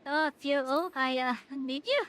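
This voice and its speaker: A woman's voice: sits high, expressive, slow pace, fairly bright tone, full character voice. A woman voicing a vain, teasing fairy king, reading game dialogue aloud in a dramatic, sing-song way. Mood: theatrical.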